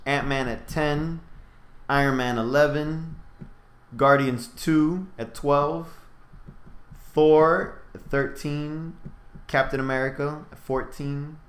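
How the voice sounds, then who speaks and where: A man's voice: fairly high pitch, steady tone, takes it slowly, long pauses. A man in a casual chat, ranking movies, laid-back and stammering through restarts. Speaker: podcast co-host. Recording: roomy echo.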